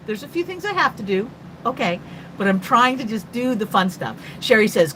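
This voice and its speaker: A woman's voice: fairly low pitch, fairly bright tone, a little hiss or hum, low-quality recording. An older woman from North Carolina who hosts a chatty, rambling live stream as an artist and greets her viewers by name. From North Carolina, USA. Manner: talkative and quick after coffee. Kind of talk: casual live-stream chat.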